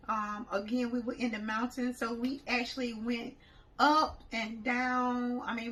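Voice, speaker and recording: A woman's voice: fairly high pitch, a bit bright, low-quality recording. A woman who organizes group trips, telling a story in a casual, chatty way. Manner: chatty, laughs while retelling.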